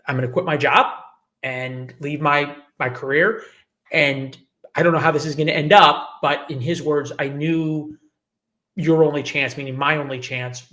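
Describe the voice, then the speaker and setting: An American journalist in his forties tells his life story as an interview guest, acting out the people he quotes. His mid-range voice sounds pushed and bright.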